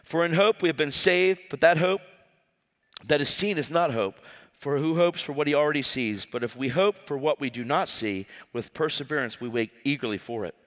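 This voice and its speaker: A man preaching a sermon, reading scripture and telling stories with fervent swings from loud cries to quiet asides. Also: a little high, moderate pace. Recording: long hall reverb.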